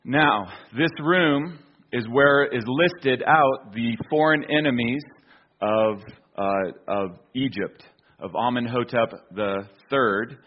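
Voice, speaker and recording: A man from the United States talks through a slideshow in a loose storytelling way, full of ums and restarts. His voice sits at an ordinary pitch. The recording is dull and lo-fi, with the top end rolled off. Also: takes it slowly. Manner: storytelling with fillers and restarts, chuckling. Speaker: speaker presenting an archaeology slideshow. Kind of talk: casual illustrated talk.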